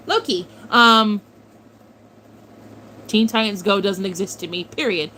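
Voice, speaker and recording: A woman's voice: mid-range voice, slow pace, pushed and bright, a little hiss or hum, poor audio. A woman in her twenties chatting casually on a livestream, answering chat and swearing freely as she reminisces. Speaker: streamer reading chat.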